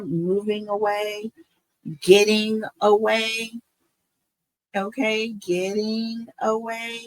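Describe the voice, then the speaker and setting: Slow, emotional woman tarot reader. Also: medium pitch, no room sound, low-quality recording. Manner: emotional, repeats phrases, asks "okay?" and "right?". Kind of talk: tarot reading monologue.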